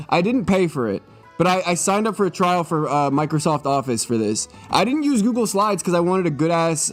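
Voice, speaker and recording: A young man streaming live, joking and swearing in a mock-serious monologue, a little tipsy. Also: on the high side.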